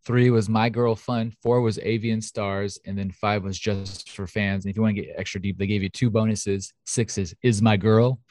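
A man's voice: lowish voice, steady tone, moderate pace, few pauses, darkish tone, slight background noise. A man hosting a casual podcast, reading news stories in a jokey way, often laughing. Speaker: podcast host.

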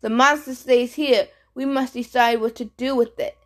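A woman's voice: fairly high pitch, steady tone, moderate pace, natural voice. A woman voicing a bitter, cruel, cursed ancient man who sneers at everyone, in a fan audiobook reading. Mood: sneering. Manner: snide, sneering.

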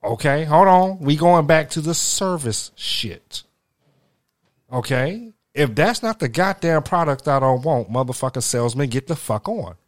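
Ranting, foul-mouthed man podcast host. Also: fairly high pitch. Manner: loud, ranting, swears heavily. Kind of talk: casual profane chat.

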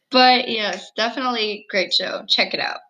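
A girl in her early teens co-hosting a casual video-call chat, giggly, chatty and quick to laugh at herself. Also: medium pitch, pushed and bright, rough recording. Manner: giggly, chatty, self-deprecating. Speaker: co-host. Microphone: computer mic on video call.

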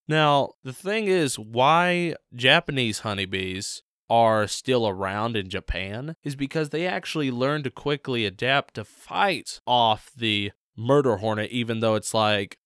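A man's voice: medium pitch, unhurried, a bit bright, smooth, dry recording, clean studio sound. A man with a Southern American accent co-hosting a casual podcast chat, rambling with plenty of fillers. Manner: rambling, filler-heavy, lots of "like" and "literally". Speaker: podcast co-host.

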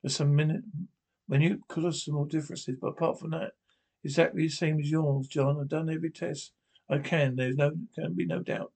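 A man voicing a calm, learned female alien healer, explaining in a measured way in his own husky voice. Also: on the high side.

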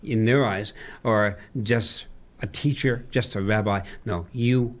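A man, a pastor, talking through a Bible passage with a colleague and reading verses aloud slowly in old-style wording. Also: lowish voice. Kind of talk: conversational Bible discussion.

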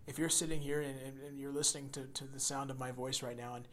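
A man preaching a sermon, swinging from loud emphasis to hushed near-whispers and repeating words as he builds a point. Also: mid-range voice, level tone, fast talker, a little hiss or hum. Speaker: pastor.

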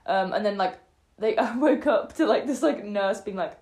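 An animated young woman co-hosting a chat show, acting out voices as she tells her story with a mid-pitched voice. Her talk rings in an echoey room. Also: brisk. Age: young adult. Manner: animated storyteller, acts out quoted voices, many fillers. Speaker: podcast co-host.

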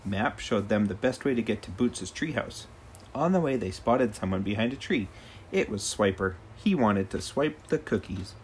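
A man's voice: fairly low pitch, expressive, normal speed, a little hiss or hum. Man reading a kids' storybook aloud. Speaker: storybook reader.

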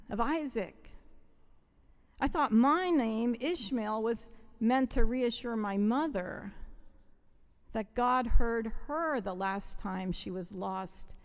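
Slow, theatrical woman preacher in a reverberant hall. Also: a little high. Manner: emotive, theatrical storytelling. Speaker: pastor. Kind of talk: dramatic first-person story sermon. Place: church sanctuary. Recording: long reverb of a large hall.

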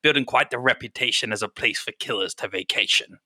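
A man's voice: mid-range voice, fairly quick, bright, forceful tone, no echo. A man voicing a brash female dwarf who fires off rhyming battle-rap taunts in a tabletop game. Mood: taunting. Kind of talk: tabletop role-play voice.

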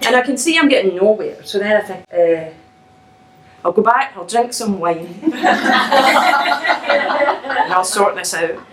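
A middle-aged woman telling a personal story in an animated, laughing, self-mocking way. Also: mid-range voice, reverberant, a little hiss or hum, poor audio.

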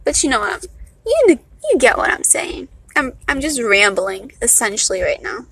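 A woman's voice: a little high, big pitch swings, normal speed, a bit bright, husky, poor audio. A young woman from Miami with a Miami accent and a valley-girl sound, rambling casually and poking fun at herself in a vlog. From Miami, Florida. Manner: chatty, self-mocking, loose. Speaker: vlogger.

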